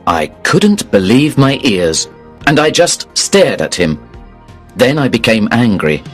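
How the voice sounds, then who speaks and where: Mężczyzna powoli czyta opowiadanie. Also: male voice, medium pitch, soft background music. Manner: slow, clear, expressive reading. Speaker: narrator. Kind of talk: first-person story narration for learners.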